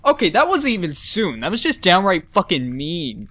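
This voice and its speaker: A man's voice: sits high, wildly swooping pitch, moderate pace, hardly any pauses, pushed and bright. A man giving casual gameplay commentary, ranting with exasperated profanity and jokes. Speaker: let's play commentator.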